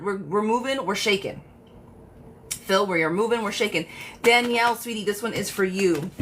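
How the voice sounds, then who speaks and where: A chatty woman reads tarot live for her viewers and greets each one warmly by name. Her voice sits a little low for a woman. A faint hiss runs under the home stream. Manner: chatty, affectionate, talks straight to viewers by name. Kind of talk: casual live tarot reading.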